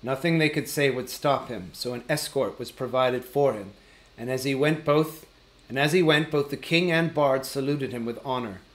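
A man narrating a fantasy novel as an audiobook reader, in a steady, even storytelling manner. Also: mid-range voice, normal speed, reverberant, rough recording.

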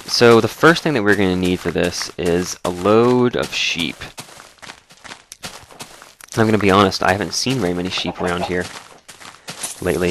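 A man with a dry throat giving rambling, relaxed commentary as he plays through a game. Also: deep voice, slight background noise. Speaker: let's play host. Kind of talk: casual gaming commentary.

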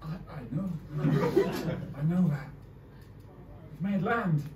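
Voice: mid-range voice, lively intonation. A performer playing a wary, nervous pirate captain, improvised live on a comedy club stage. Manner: wary, slow. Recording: echoey club from far off, loud crowd and noise.

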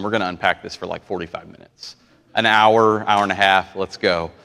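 A man preaching a live sermon as pastor, impassioned and swinging between quiet stretches and near-shouting. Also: fairly low pitch. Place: church sanctuary. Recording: long reverb of a large church hall.

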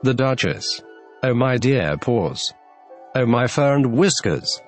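A man voicing an anxious, fussy male white rabbit in a storybook reading, muttering and scolding in a lowered voice. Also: big pitch swings, faint music behind. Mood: fretful. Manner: fretful, hurried muttering.

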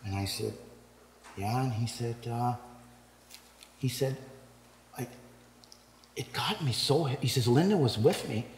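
A man's voice: medium pitch, slow pace, long pauses, a little hiss or hum. An older man from Canada giving his testimony at a men's breakfast. He tells rambling stories, acts out what people said, laughs along and builds up into preaching. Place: church hall. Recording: echoey church hall, long reverb.

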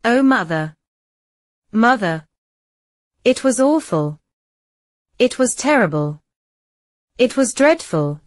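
A woman's voice: fairly high pitch, very animated, takes it slowly, pauses often, dry recording, studio quality, voice pushed up. A woman voicing a frightened little girl in a storybook reading, sobbing and pleading.

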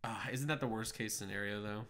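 A young man co-hosting a podcast in casual chat, chatty and quick to laugh. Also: on the low side. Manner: laughs often, chatty and excitable. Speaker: podcast co-host.

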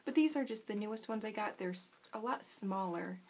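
A woman's voice: medium pitch, fairly quick, darkish tone, slight background noise. A woman vlogging a casual craft tutorial from home late at night, chatty and self-deprecating, giggling often and talking around a cough drop.

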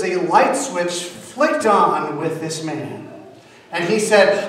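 Slow, high-voiced pastor preaching. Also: male voice, lively intonation. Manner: humorous, self-deprecating storytelling. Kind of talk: sermon. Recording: echoey church from far off.

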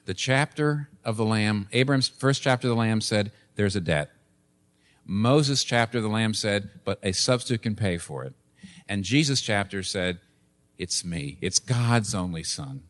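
A man's voice: lowish voice, expressive, moderate pace, a bit bright. A man in his sixties preaching a sermon in church, earnest and building to emphatic, repeated points. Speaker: pastor.

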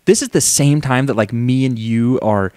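A man's voice: medium pitch, normal speed, a little mellow, no echo. A man hosting a podcast, chatting casually and teasing his guest with jokey asides. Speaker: podcast host. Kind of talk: casual chat.

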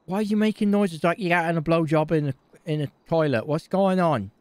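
A man's voice: fairly high pitch, brisk, a little mellow, dry recording. A man talking brashly and crudely in rambling bursts as his character in improvised game role-play.

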